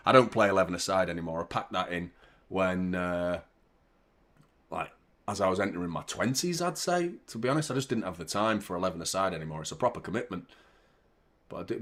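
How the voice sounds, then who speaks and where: A young man hosting a live football watchalong, chatting casually with viewers and shouting out at big moments. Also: lowish voice, fairly quick. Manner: laid-back chat that jumps to loud excited reactions. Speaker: watchalong host.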